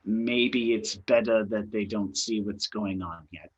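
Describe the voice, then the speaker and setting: A man narrating as game master of a tabletop game, explaining calmly and trailing off at times. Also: on the low side, breathy edge, dull audio. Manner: unhurried, explains in plain terms, trails off at times.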